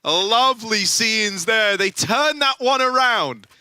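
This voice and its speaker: A male esports caster with a high, very bright and sharp voice. He calls the action theatrically, with big exclamations and jokes traded with his partner. The sound is dry and close. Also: expressive, slow pace, dry recording. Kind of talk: excitable color commentary.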